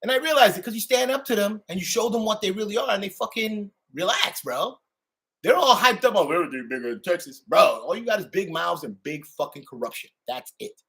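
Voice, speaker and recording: A middle-aged man delivering a profane, ranting monologue to his channel, swinging between loud outbursts and low mutters. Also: animated, fairly quick. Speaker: channel host.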